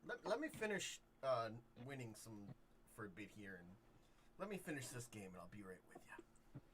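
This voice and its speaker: A man's voice: medium pitch, sing-song, normal speed, noisy background, lightly acted. A man voicing a hard-drinking female card cheat who is coy, evasive and bargaining. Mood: sly, wary.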